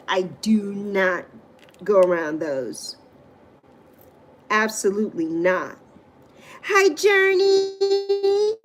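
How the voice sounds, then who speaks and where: A middle-aged woman chats on a casual livestream in a fairly high voice. She talks animatedly, bursting into emphatic exclamations as she reacts to her viewers' comments. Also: a bit bright. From U.S. Virgin Islands. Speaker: livestream host.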